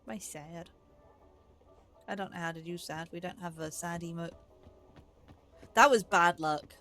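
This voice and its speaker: A woman's voice: lowish voice, steady tone, normal speed, a bit bright, faint music behind. A young woman giving chatty live commentary as she plays a game, talking herself through each move. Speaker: game streamer.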